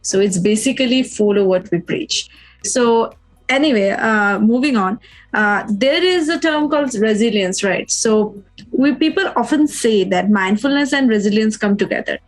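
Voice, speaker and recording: Woman host asking measured questions. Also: on the high side, expressive, faint music behind, rough recording. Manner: formal, measured question phrasing. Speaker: podcast host, interviewer. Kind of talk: interview questions.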